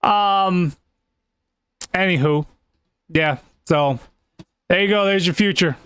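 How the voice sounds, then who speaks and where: A man's voice: high voice, slow, fairly bright tone, clear, resonant tone, no room sound. A young man hosting a comedic talk show, rambling and cutting in with lots of fillers. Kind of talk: casual comedic chat.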